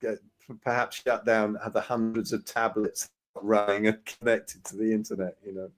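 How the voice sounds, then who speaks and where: A man's voice: lowish voice, level tone, normal speed. Jokey man bantering on a video call. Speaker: co-host. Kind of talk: casual live Q&A chat.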